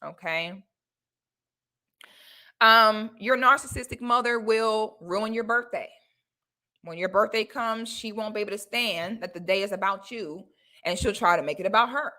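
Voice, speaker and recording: Blunt bright-voiced woman vlogger. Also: mid-range voice, a little slow. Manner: blunt, preachy, addresses audience directly. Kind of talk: casual advice talk to viewers.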